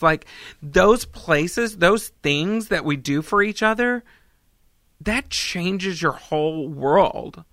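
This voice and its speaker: Bright, rambling comedian host. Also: medium pitch, takes it slowly, no echo, clean studio sound. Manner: rambling, joking, excitable. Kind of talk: casual chat.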